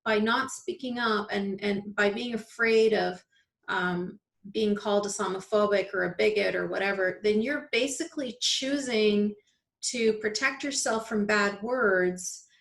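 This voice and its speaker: A woman's voice: mid-range voice, measured pace, creaky, fairly bright tone, echoey room. A woman guest on an interview podcast, arguing her point with passion and emphasis. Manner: impassioned, emphatic argument. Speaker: guest, activist and author. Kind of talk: conversational interview.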